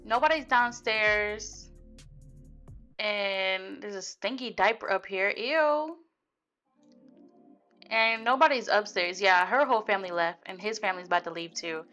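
A woman's voice: medium pitch, a little slow, pauses often, bright, forceful tone, dull audio, faint music behind. A young woman casually commenting on her life-sim gameplay, chatty and slangy, laughing at what her characters do. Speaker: Sims let's play host.

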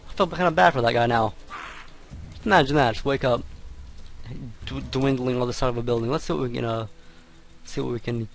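A man's voice: mid-range voice, fairly quick, gravelly, pauses often. A young man casually commentating on a video game, rambling and hesitant, with sudden exclamations. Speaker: let's play commentator.

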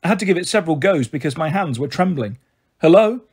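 A man reading a children's novel aloud in steady first-person narration. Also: on the high side, fast talker, slightly rough. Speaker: reader. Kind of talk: storybook reading.

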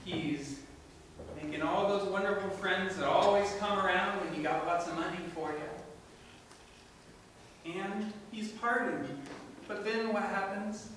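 A man's voice: sits high, fairly even intonation, unhurried, pauses often, a bit bright, a little hiss or hum. A man preaching a sermon in a church, telling a story with animation and asking the congregation questions. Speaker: pastor. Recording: echoey room from far off.

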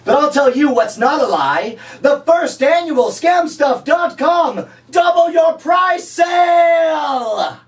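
A man putting on an over-the-top, scheming male infomercial pitchman who draws out his words and shouts his sales lines, recorded from a distance. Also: lively intonation, heavily acted. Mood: hammy. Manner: booming, drawn-out sales shouting.

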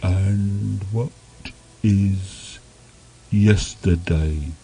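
A man voicing a newly made, simple-minded male snowman who talks in a slow, halting, puzzled way. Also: low voice, steady tone, gravelly, warm tone, soft background music, heavily acted.

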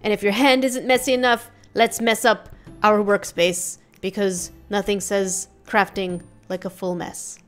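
A woman's voice: medium pitch, flat delivery, a little slow. A woman hosting a craft tutorial in a casual voice-over, playful and full of jokey asides.

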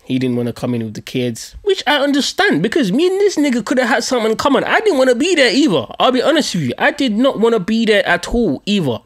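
A man's voice: extremely high pitch, fast, few pauses. A man hosting a podcast, telling a story in a casual, profane, self-mocking way. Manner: animated, profane, laughing at himself. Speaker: podcast host.

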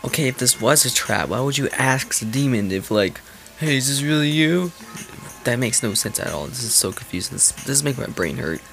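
Creaky-voiced man mocking a gameplay video. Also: mid-range voice, a little fast, hardly any pauses. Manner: mocking, rambling, heavy on "like". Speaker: reaction video host. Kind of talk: casual commentary. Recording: background music under voice. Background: background music.

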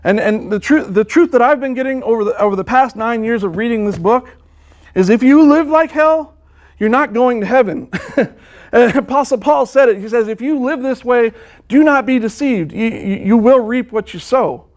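A man's voice: very high-pitched, moderate pace, a little mellow. A man preaching a sermon, earnest, restarting and repeating words as he quotes scripture.

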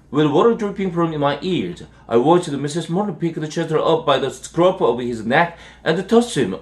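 Man reading a storybook aloud, halting. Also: on the high side. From South Korea. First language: Korean. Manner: halting, with frequent restarts. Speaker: English teacher. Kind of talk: reading a children's novel aloud.

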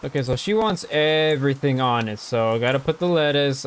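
A man's voice: medium pitch, a little fast, clear, resonant tone. A man playing a horror game on his channel, talking himself through tasks and reading the customers' lines aloud. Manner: reads customer dialogue aloud. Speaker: gaming channel host. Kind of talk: let's play commentary.

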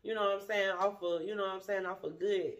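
A woman's voice: medium pitch, steady tone, fast, natural voice. A woman quoting a pushy man from her date in a laid-back voice full of filler phrases. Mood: coaxing. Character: smooth-talking man on a date, pushy and casual.

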